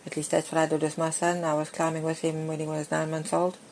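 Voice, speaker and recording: A middle-aged woman delivers a sermon in a slightly low voice. She speaks earnestly and gives scripture lines firm emphasis. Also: completely flat delivery, fast, a little mellow, a little hiss or hum. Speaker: preacher.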